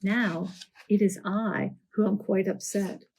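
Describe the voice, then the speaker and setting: A woman's voice: medium pitch, steady tone, slow pace, creaky, darkish tone, low-quality recording. A woman voicing a pompous, easily offended female snail in a storybook read-aloud, speaking formally and haughtily. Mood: haughty.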